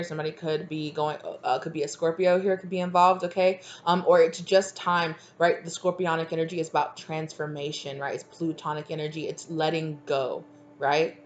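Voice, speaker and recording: Rambling woman tarot reader. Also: low-pitched. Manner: casual, rambling, lots of "like" and "okay". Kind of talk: channeled tarot reading.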